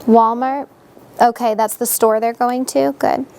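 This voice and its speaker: A woman's voice: a little high, fairly even intonation, measured pace, vocal fry, darkish tone, slight background noise. A woman teaching young students in a classroom, leading them patiently with repeated questions.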